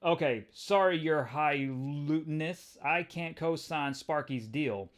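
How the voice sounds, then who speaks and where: A man's voice: fairly high pitch, slow, pitched above the performer's own voice. A man voicing a wisecracking young male spider-hero who talks with sarcastic quips. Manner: sarcastic, quippy.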